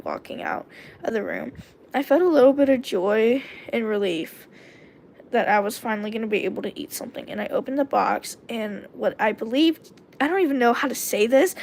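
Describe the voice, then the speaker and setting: A woman's voice: on the high side, a little mellow, a little hiss or hum. A woman streamer reading her own first-person story aloud, talking casually and breaking off for asides to her viewers. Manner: casual, with self-corrections and asides to chat.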